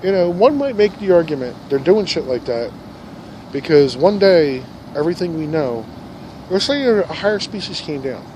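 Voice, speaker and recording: A man rambling through a profane monologue, dropping to low mutters and then rising into loud rants, recorded in a park. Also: sing-song, normal speed. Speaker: vlogger. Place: park outdoors. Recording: outdoor recording with traffic noise. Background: passing cars and outdoor ambience.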